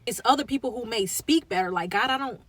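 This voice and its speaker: A woman's voice: a little high, lively intonation, quick pace, dry recording. A young woman speaking earnestly and emotionally as a faith content creator, encouraging viewers in a casual, heartfelt vlog. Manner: earnest, encouraging, conversational with slang.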